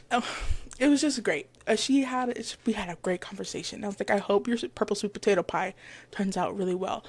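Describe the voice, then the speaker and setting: Speaking in a mid-range voice without echo, this podcast host in her 20s casually recounts stories on her own show. She's chatty and acts out the characters with lively voices, using headphones with a mic.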